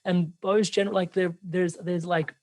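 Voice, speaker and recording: A male host asks his guest questions over a video call, rambling and restarting in his enthusiasm. His voice sits slightly high and sounds dry and close. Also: little pitch movement, measured pace, a little mellow, dry recording. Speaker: podcast host. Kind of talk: casual interview.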